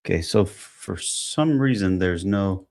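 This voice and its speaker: A man with a fairly low voice hosts a podcast on his own. He reads online posts aloud and muses over them. He stops and restarts often, leaning on fillers as he thinks. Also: lively intonation, vocal fry, darkish tone. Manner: rambling, halting, many fillers while thinking aloud. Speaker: podcast host.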